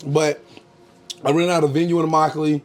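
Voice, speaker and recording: A young man from Florida talks loosely about his comedy career, pausing often on "um" as he goes. His voice sits a bit higher than most men's. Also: little pitch movement. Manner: laid-back storytelling, frequent "um" fillers, bursts of laughter. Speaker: comedian guest. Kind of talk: casual interview chat.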